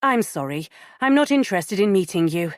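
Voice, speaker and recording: A woman's voice: medium pitch, lively intonation, normal speed, dry recording, studio quality, close to an everyday voice. A woman reading an audiobook, voicing a woman who speaks firmly and bluntly on the phone. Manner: firm and blunt. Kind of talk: audiobook character voice.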